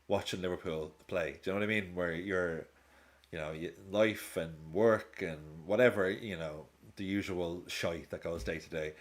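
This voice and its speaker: Deep-voiced man chatting casually. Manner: chatty, rambling, laughs often, swears casually. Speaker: host of a live football watch-along. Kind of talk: casual live-stream chat.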